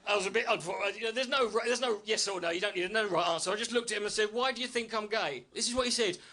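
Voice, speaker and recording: Male stand-up, high bright voice, quick-fire delivery; brash, sweary, self-deprecating; live club mic with faint noise. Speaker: stand-up comedian. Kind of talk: stand-up routine. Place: comedy club stage with audience.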